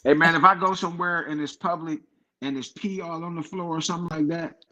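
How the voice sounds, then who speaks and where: Brief: man from Cleveland, slightly higher voice, animated and profane storyteller, dull lo-fi recording. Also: a little fast. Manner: animated storyteller, profane, acts out quoted people. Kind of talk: casual chat. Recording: dull lo-fi sound.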